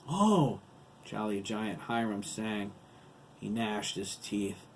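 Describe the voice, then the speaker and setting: A man narrating his own novel as an audiobook, in steady, deliberate storytelling. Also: lowish voice, a little hiss or hum.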